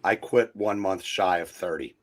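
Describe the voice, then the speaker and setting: A man's voice: low voice, normal speed. A man chatting casually on a comics livestream, telling wry, self-deprecating stories.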